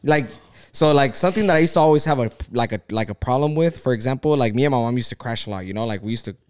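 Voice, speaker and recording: A man's voice: mid-range voice, expressive, rapid-fire, a little mellow, smooth. A young man chatting casually on a podcast, swearing and rambling with lots of filler words and restarts. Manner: rambling, profane, many filler likes and restarts. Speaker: podcast co-host. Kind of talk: casual chat.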